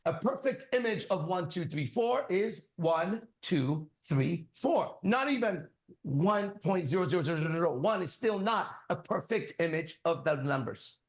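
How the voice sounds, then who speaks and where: Speaking at normal speed with a high-pitched voice and lively intonation, a man preaches to a listener in the role of a spiritual teacher. His commanding, emphatic style keeps pounding on repeated phrases, and the room is echoey.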